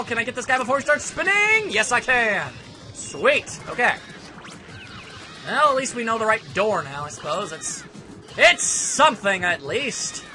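A young man giving casual, sarcastic gameplay commentary, grumbling at the game and now and then bursting into shouts. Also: extremely high pitch. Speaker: let's play commentator. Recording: faint game music behind.

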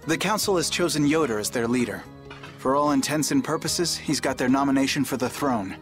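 Guy voicing a dutiful young knight, formal and serious, game music going loud behind. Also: mid-range voice, close to an everyday voice. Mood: earnest. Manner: formal, measured. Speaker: game character.

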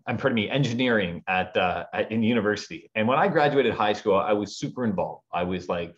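A man in his forties, a guest on a business podcast, telling his story with lively acted-out quotes. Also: lowish voice. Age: 40s. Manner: animated storyteller acting out quoted voices. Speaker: guest speaker. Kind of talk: storytelling interview. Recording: dull lo-fi audio.

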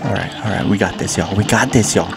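A man's voice: lowish voice, fast talker, creaky. Jokey man narrating his own gameplay. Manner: jokey, self-mocking, repeats words. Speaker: gaming channel host. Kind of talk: casual gameplay commentary. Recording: game music playing behind.

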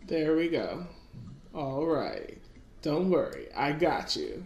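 A woman's voice: low-pitched, very animated, slow, vocal fry, a little mellow. A woman casually commenting on her gameplay and talking to her characters. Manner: chatty, talks to her game characters. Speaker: let's-play gamer. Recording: echoey room with faint music.

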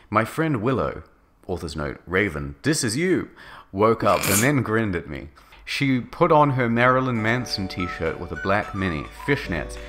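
Male narrator, comedic reading, lowish voice, swooping theatrical delivery, faint music under. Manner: mock-dramatic, sardonic asides.

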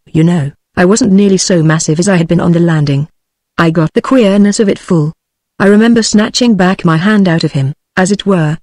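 A text-to-speech narrator with a woman's British English voice, on the low side, reads a classic story aloud in an even, synthetic delivery. There is no room sound.

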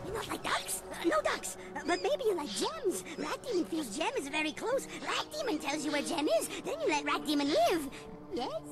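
An actress voicing a small, scheming rat demon who grovels and talks in broken grammar in a video game. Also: female voice, very high voice, very animated, moderate pace. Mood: wheedling. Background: game music.

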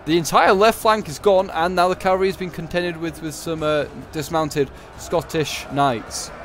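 A man's voice: on the high side, steady tone, moderate pace, background noise. A man giving casual, chatty commentary over a strategy game battle, thinking aloud with many fillers and restarts. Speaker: gaming commentator.

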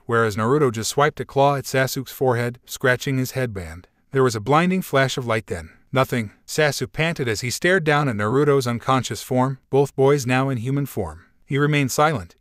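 A man narrating fan fiction in a flat, machine-like reading that speaks ellipses and spelled-out letters aloud. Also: mid-range voice, no echo, clean studio sound.

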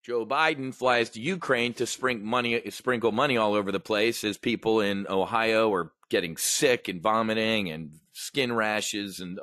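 A man's voice: fairly low pitch, moderate pace, hardly any pauses, fairly bright tone, no room sound, clean studio sound. A man hosting a trading show, commenting on the news in a blunt, rambling, profane way. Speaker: options trading show host. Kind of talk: casual market and news commentary.

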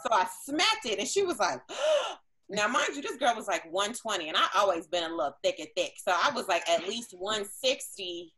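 A young woman co-hosting a casual podcast, telling a story with lively acted-out quotes. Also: mid-range voice, brisk, hardly any pauses. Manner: animated storyteller who acts out quoted voices. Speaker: podcast co-host.

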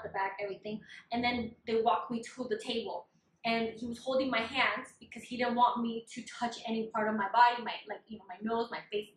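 A woman with a fairly high voice tells her story in close detail, chatty and often laughing. The sound comes from a roomy, echoey space. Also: a bit bright, slight background noise. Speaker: vlogger sharing her surgery experience. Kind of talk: casual storytelling chat. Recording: echoey room.

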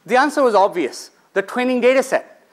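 A man's voice: very high voice, animated, a little fast. A man, a finance professor, lecturing students in a conversational way, asking the audience questions and briefly acting out the people in his stories. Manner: acts out quoted people in short bursts.

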